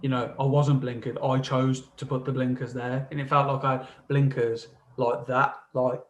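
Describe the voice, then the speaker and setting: A man's voice: mid-range voice, level tone, rough recording. A man in casual podcast chat, stumbling and restarting as he talks about himself. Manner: halting, stammering restarts. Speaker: podcast co-host.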